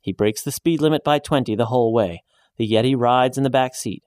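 A man reading a short story aloud in a measured, even storytelling voice, raising his pitch when he speaks the woman's lines. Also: dry recording, clean studio sound. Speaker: narrator. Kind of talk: scripted story narration.

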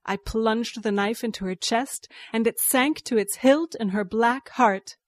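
A woman reading a story aloud in first person, slow and measured. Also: fairly high pitch, no echo. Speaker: narrator. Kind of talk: scripted story narration.

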